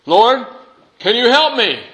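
A man voicing a panicked hiker who is hanging from a branch and shouting frantically for help. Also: very high-pitched, sing-song, slow, voice pushed up, full character voice. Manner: frantic shouting, then pleading.

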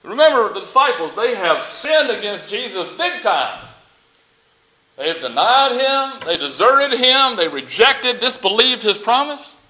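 A man preaching a sermon as pastor, reading scripture aloud and speaking in an animated way, with light jokes for his congregation. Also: extremely high pitch, a little slow, poor audio.

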